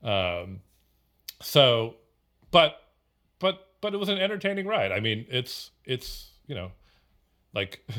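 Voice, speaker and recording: A man's voice: medium pitch, big pitch swings, slow pace, pauses often, sharp tone. A man co-hosting a casual film podcast, rambling with many fillers and restarts. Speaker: podcast co-host.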